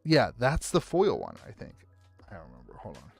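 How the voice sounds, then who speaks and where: A man's voice: on the low side, huge pitch swings, brisk, vocal fry, slightly rough, dry recording, faint music behind. A man with an Appalachian American accent, chatting casually and rambling as he sorts trading cards on a live stream and greets viewers by name. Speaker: card shop owner streaming live.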